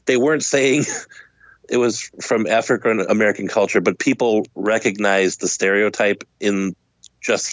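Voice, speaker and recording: A man's voice: on the low side, dry recording. A man in casual podcast chat, making a thoughtful argument and building his case step by step. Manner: thoughtful, argumentative, speeds up and laughs between points.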